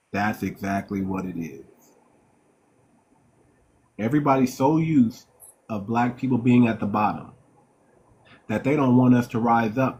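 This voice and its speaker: A man's voice: on the low side, darkish tone. A man hosting a live-stream talk, reading chat comments aloud and speaking in an emphatic, preacher-like way straight to his audience. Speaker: livestream host.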